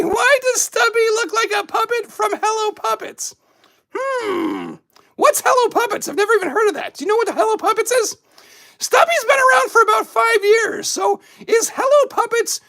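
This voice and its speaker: A woman voicing a shrill cackling skeleton host. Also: creaky, full character voice. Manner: loud, giggly, rambling. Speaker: show host. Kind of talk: puppet comedy show.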